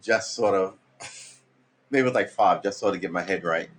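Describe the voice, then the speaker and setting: A man's voice: deep voice, normal speed, fairly bright tone. A man, tired and just woken up, casually rambling through a story while practicing guitar, with loose fillers and easy swearing. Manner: laid-back, swears casually, trailing fillers.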